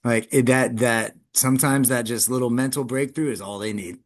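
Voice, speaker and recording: A male track and field coach in an interview, talking in an animated, conversational way. His pitch sits in a middle range for a man and leaps up when he gets emphatic. He restarts his sentences as he thinks. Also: moderate pace.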